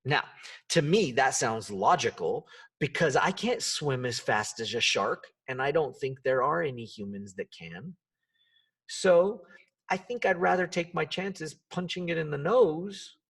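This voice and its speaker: A man hosting a solo self-help podcast, talking in an animated way and acting out the quoted voices and reactions. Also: mid-range voice, breathy edge, recorded from a distance. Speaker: podcast host.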